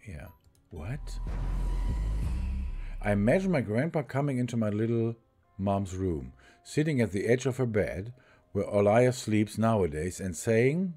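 A man with a lowish, mellow voice reads a story game's text aloud on a live stream. He stumbles and rereads lines, then breaks off to chat with viewers. Faint music plays underneath. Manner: reads haltingly, restarts and rereads lines, chats with viewers in between. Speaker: game streamer. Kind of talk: live game commentary, reading on-screen text aloud.

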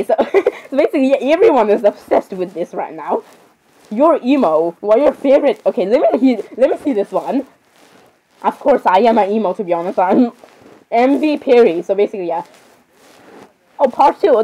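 A woman's voice: a little high, dark tone, dull audio. Giggly young woman rambling, apologizing. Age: teens. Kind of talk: casual reaction commentary.

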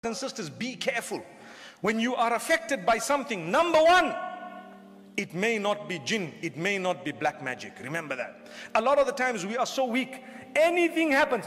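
A man's voice: sits high, very animated, normal speed, fairly bright tone. A man giving an Islamic sermon, humorous and conversational, full of rhetorical questions. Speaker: Islamic preacher. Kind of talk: lecture sermon. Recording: long hall reverb.

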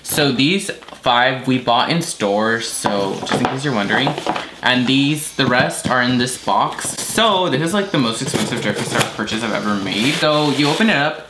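Young man, vlogger, casual chat, unfiltered, noisy background. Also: medium pitch. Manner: chatty, unfiltered, casual swearing. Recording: noisy home video.

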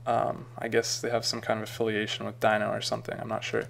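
A man talking through a screen-recorded software tutorial in a casual, rambling way with frequent ums and uhs. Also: fairly low pitch, monotone, fast talker, creaky, slight background noise. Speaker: tutorial maker.

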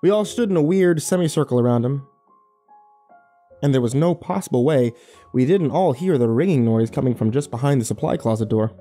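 A man narrating a first-person horror story in a wry, expressive way. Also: mid-range voice, a little fast, faint music behind.

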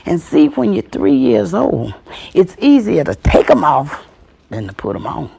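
A woman storyteller with a gravelly, husky voice tells family tales with big swings in pitch. She calls out the voices in her stories and then drops to a hush. The sound comes from an old VHS tape. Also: huge pitch swings, a little slow.

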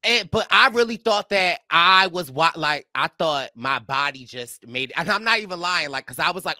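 A man's voice: on the high side, a little fast, few pauses, bright, forceful tone, no echo, clean studio sound. A man hosting a podcast, chatting casually about a reality show, playful and slangy as he acts out his own reactions. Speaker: podcast host. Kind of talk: casual reality-TV recap chat.

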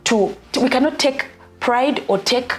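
A woman's voice: sits high, measured pace. Preacherly woman quoting scripture. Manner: preacherly, quotes scripture often. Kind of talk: casual faith chat.

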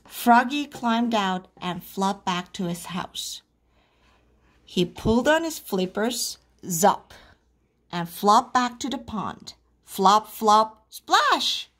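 Animated woman reading a picture book aloud. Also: medium pitch, slow pace. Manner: animated, playful sound effects. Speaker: storyteller. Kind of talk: children's read-aloud.

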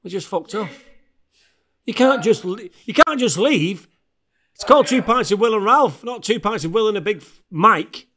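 A man's voice: high voice, animated, moderate pace, pushed and bright, a little hiss or hum. A man, co-hosting a podcast with boisterous, sweary banter. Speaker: podcast co-host. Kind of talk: casual chat.

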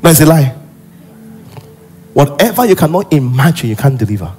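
A pastor delivers an animated sermon in a church. His voice sits high and slightly husky, and he often slips into acted characters. Faint music plays underneath. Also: brisk.

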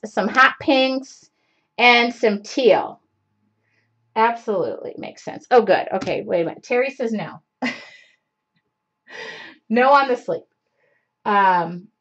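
A woman in her forties, hosting a craft show live, rambles through casual chat peppered with fillers. Her voice is fairly high and a bit bright, picked up by a computer mic on the stream, and the sound comes across dull and lo-fi.

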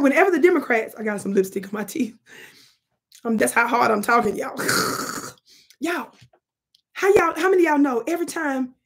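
A woman's voice: high-pitched, slightly rough. A middle-aged woman giving emphatic, casual commentary to camera, talking straight to her viewers. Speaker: political commentary vlogger.

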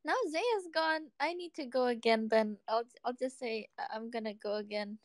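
A woman guest in a casual livestream chat who sounds excitable and keeps apologizing. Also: a little high, normal speed, dry recording.

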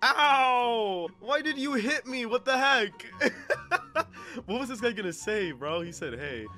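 A young man giving excitable gameplay commentary as a gaming YouTuber, laughing a lot and often calling people "bro". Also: very high voice, slow, soft background music.

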